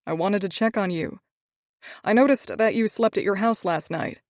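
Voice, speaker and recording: A woman's voice: medium pitch, moderate pace, a little mellow, no echo, clean studio sound, close to an everyday voice. Woman voicing a grumpy, commanding man. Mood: brooding. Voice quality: raspy. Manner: curt, commanding. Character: grumpy, controlling young man, low raspy voice.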